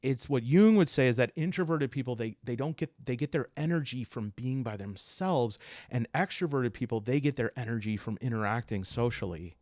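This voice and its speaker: A man hosting a casual podcast, explaining ideas in an animated, digressive way with jokey asides. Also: medium pitch, fairly quick, dry recording, clean studio sound. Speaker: podcast host.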